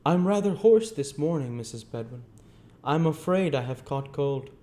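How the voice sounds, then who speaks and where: A man voicing a brisk, kindly old gentleman with a hoarse, fussy voice, read from a storybook. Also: a little high, lively intonation, voice pushed up, lightly acted. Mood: tender.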